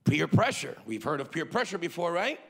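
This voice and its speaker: Gravelly high-voiced male pastor preaching. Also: a little fast. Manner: preaching with call-and-response to the congregation; lively, shifting between loud emphasis and quiet asides. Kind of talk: sermon.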